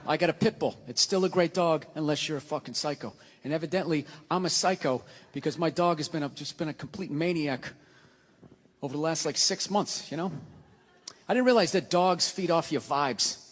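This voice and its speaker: A man doing a stand-up routine on stage, ranting in a profane, exasperated way. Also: a little high. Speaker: stand-up comedian. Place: large live venue. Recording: live hall with audience.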